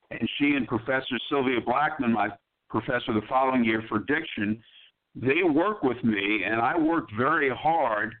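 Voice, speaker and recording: Older guy from brooklyn telling baseball stories, careful clear diction, sounds like a phone line. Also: mid-range voice. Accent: mostly neutral American, faint New York traces. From Brooklyn, New York. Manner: measured storytelling, precise diction. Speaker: guest broadcaster. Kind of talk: conversational interview answers.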